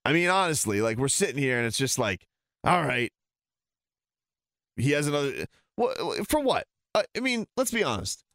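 A man hosting a sports talk segment, ranting with heat and sarcasm. His voice sits a little high and swings widely up and down as he gets worked up, and the sound is dry and close. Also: sing-song, moderate pace, fairly bright tone, no room sound.

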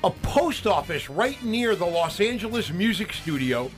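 Man, radio co-host, high voice, animated storytelling, faint music. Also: measured pace. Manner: animated storytelling with frequent fillers and restarts. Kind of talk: casual radio chat.

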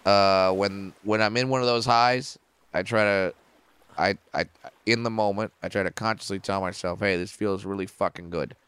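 A man who is a comedian and a podcast guest, telling stories in a casual, profane and animated way. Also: fairly low pitch, moderate pace, clear, resonant tone, dry recording.

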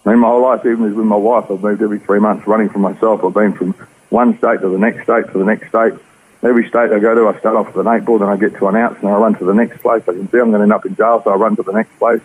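An Australian man tells his story at a quick clip, earnest and rambling. His voice sits low and sounds husky. The audio is tinny and narrow, like a phone line on the radio. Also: little pitch movement. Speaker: interview guest. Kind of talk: personal testimony.

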